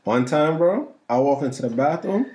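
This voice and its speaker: A man's voice: on the high side, expressive, normal speed, mellow. A man co-hosting a casual podcast, laughing often and talking bluntly in slang. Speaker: podcast co-host. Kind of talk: casual chat.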